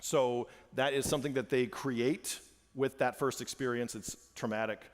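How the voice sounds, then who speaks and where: A man and father giving an animated church presentation to parents, repeating phrases for emphasis, in a church hall. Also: medium pitch, normal speed.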